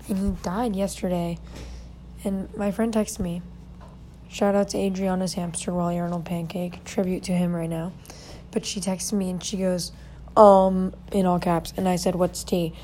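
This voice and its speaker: A woman's voice: fairly low pitch, dark tone, a little hiss or hum. A young woman chatting casually to her listeners, telling a story in a chatty, dramatic way. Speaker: podcaster. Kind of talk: casual chat.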